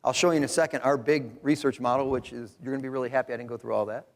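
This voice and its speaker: A man's voice: medium pitch, racing. A middle-aged man presenting research at a conference, joking and conversational, recorded in a hall. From Rochester, New York. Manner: joking, animated, conversational lecturing. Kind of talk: conference talk. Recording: hall reverb.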